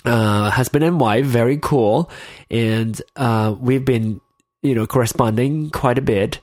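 Speaking through an in-ear headset mic, this podcast host talks alone in a casual, rambling way, congested and frequently losing track of what he's saying. His mid-range voice is unhurried and a little mellow, and the studio sound is clean with no echo.

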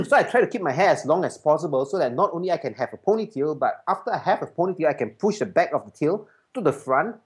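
A man, telling a story in casual chat, animated and laughing, often clearing his throat. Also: a little high, quick pace, few pauses. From Malaysia.

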